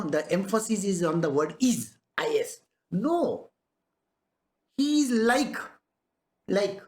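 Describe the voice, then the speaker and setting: A man teaches in a spiritual discourse, talking the way he would to a room of students. His pitch rises and falls in a very animated way, and he keeps throwing rhetorical questions at his listeners and chuckling.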